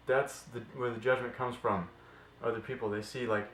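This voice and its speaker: A man's voice: mid-range voice, fairly even intonation, moderate pace, fairly bright tone, a little hiss or hum. A man in his twenties ranting passionately to camera in a fitness vlog, blunt and swearing freely. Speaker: fitness vlogger. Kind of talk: impassioned vlog rant to camera. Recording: roomy echo with faint music.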